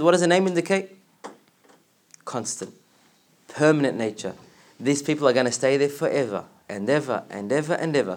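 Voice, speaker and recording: A man teaching a religious class, explaining word by word and asking his students questions, with quick recited verses. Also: fairly high pitch. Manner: recites verses in rapid chant.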